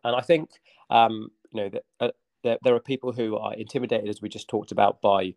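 A man's voice: on the low side, steady tone, brisk, vocal fry, a little mellow. A man talking as a fitness coach guest on a podcast, upbeat and motivational, with many fillers. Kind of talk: casual podcast chat.

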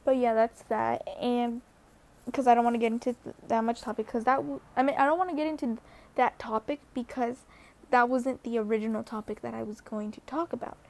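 A woman's voice: on the high side, steady tone, fairly quick, darkish tone. A young woman vlogger telling a story in a casual, rambling way, full of fillers and restarts.

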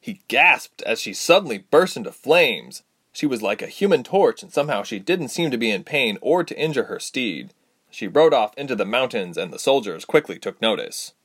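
A man narrating a fantasy audiobook in an expressive storytelling manner. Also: medium pitch, moderate pace, breathy edge.

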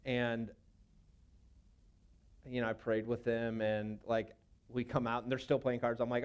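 Smooth-voiced man telling a personal story. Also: mid-range voice, flat delivery, a little slow, long pauses. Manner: casual, rambling with many fillers. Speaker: youth pastor.

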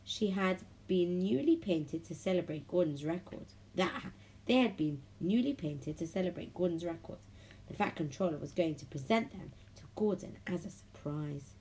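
A woman reads a children's storybook aloud in a low, slightly gravelly voice. Her delivery is lively and friendly, slipping into little character voices. Faint hiss sits under the recording. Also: normal speed, poor audio. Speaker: children's audiobook reader.

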